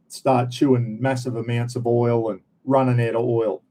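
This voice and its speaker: An Australian man hosts a casual live-stream rant, speaking straight to his viewers. His voice is mellow and a little dark, at an ordinary pitch for a man. He is blunt and swears freely as he talks. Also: level tone, normal speed, hardly any pauses. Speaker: livestream host.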